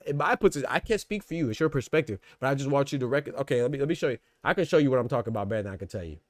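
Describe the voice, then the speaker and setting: A congested man runs a casual boxing podcast at a quick clip, circling back over his own words. His voice is close and dry, with no room around it. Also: mid-range voice, animated, no echo. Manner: rambling, repeats words, talks to chat. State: stuffed up. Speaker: podcast host.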